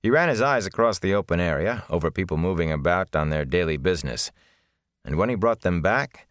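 A man narrating a fantasy novel in a measured, deliberate storytelling manner, recorded on a close mic. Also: low-pitched, expressive, no echo. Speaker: audiobook narrator.

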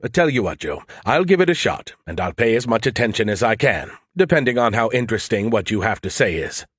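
A man's voice: fairly low pitch, very animated, fairly quick, fairly bright tone, slightly rough, no room sound, studio quality, heavily acted. A man voicing a snarky, self-important male artificial intelligence in an audiobook, talking in a teasing, flippant way. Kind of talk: audiobook character voice.

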